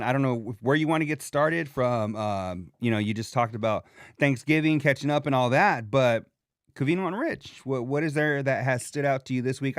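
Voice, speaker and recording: A man's voice: mid-range voice, no room sound, clean studio sound. A man hosting a casual podcast chat in slangy talk, often acting out the lines he quotes. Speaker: podcast host.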